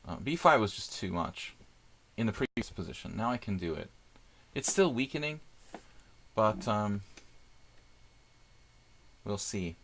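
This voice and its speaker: A man's voice: lowish voice, expressive, unhurried, long pauses, a bit bright. A middle-aged man streaming chess, chatting casually and thinking aloud about his moves with lots of fillers. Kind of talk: casual live-stream chat while playing.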